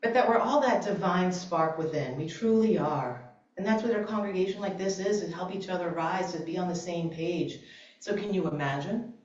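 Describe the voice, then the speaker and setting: Woman guest speaker, lively talk to a congregation, low-ish voice, distant and muffled in a roomy church. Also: normal speed. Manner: animated, laughs often, conversational. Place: church sanctuary. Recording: very echoey, distant, dull church recording.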